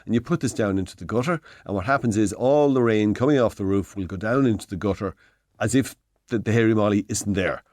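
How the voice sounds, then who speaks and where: Irish guy in his sixties talking diy on the radio, lowish voice, dry studio sound. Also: fast, darkish tone, no room sound. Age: 60s. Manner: rambling, self-correcting explanations. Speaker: hardware expert guest. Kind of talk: radio advice chat. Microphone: studio mic.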